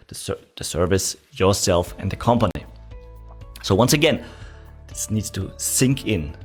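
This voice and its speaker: Male sales coach, husky voice with lively pitch swings, talks straight to the viewer, faint music behind. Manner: animated coaching, demonstrating tonality in quoted lines; addresses viewer directly with instructions. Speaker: sales trainer. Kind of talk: online sales course lecture.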